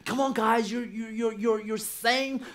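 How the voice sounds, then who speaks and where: A man's voice: extremely high pitch, steady tone, measured pace, fairly bright tone, distant mic, pitched above the performer's own voice. A man voicing an earnest young man who pleads with others to stop fighting, stammering a little. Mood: pleading. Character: earnest young man trying to make peace.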